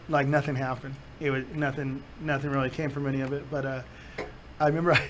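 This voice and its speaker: A faint hiss or hum runs under this male podcast host's fairly high-pitched voice. In casual chat he tells animated stories, dramatizing quotes and laughing regularly.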